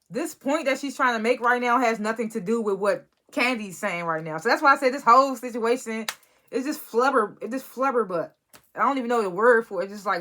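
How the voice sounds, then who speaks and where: A woman's voice: fairly high pitch, a bit bright. A woman giving a casual, rambling review of a reality TV episode, sounding exasperated and often restarting her sentences. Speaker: reality TV recap vlogger.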